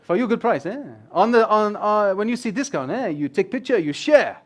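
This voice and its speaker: Man putting on an eager client hawking discounts in broken English, loud, high and excited. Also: normal speed. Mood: eager, pushy. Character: pushy male client pitching a discount app.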